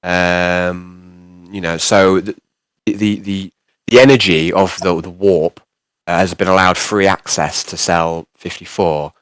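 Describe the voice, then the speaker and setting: A man's voice: sits low, fairly even intonation, takes it slowly, clear, resonant tone, dry recording. A man narrating as game master of a tabletop game, explaining in a hesitant way with many restarts. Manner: hesitant, lots of ums and restarts.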